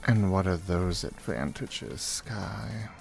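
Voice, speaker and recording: A man chatting on a game stream, relaxed and teasing, with many pauses. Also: low-pitched, vocal fry, soft background music. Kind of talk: casual stream chat.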